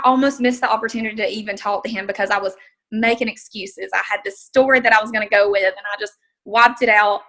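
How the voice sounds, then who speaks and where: A woman excitedly telling a story on a group call, acting out her own inner dialogue. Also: medium pitch, quick pace, low-quality recording. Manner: excited, storytelling with many quoted asides. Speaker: team member sharing a success story. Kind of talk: casual call testimony.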